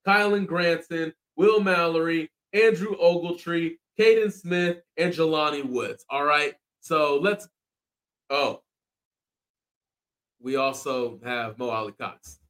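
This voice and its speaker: Man, podcast host, casual chat, slightly high voice, slangy and laid-back. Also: slow pace, a bit bright.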